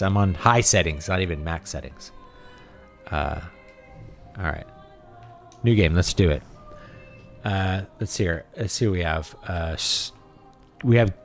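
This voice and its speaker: Rambling man chatting on a gaming stream. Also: on the low side. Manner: rambling, thinks aloud, trails off often. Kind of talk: casual gaming livestream chat.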